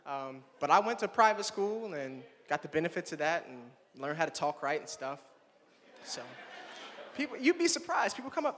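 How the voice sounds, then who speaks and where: High, animated young man doing stand-up. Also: moderate pace, a little hiss or hum. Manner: animated, playful, addresses the audience directly. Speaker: stand-up comedian. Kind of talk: stand-up comedy set. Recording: long hall reverb.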